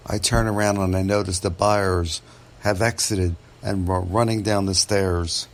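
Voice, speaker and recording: A man, a real estate agent, telling a true story from his work in a measured, dramatic way. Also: deep voice, level tone. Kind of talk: first-person storytelling podcast.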